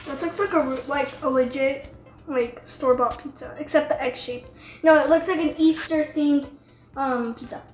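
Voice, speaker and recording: A woman's voice: high voice, fairly even intonation, moderate pace, darkish tone. A woman helping in a home cooking video, playful and casual, often saying "like". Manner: playful, uses filler "like". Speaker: cooking helper. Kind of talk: casual banter. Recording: echoey kitchen, faint music.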